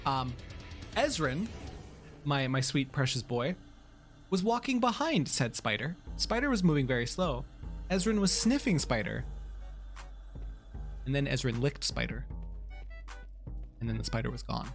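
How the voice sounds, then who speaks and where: A woman streaming games live, chatting to her viewers in a giggly, excitable way. Her pitch swings widely as she reacts, and faint game music plays underneath. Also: normal speed, gravelly, pauses often. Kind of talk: casual live-stream commentary.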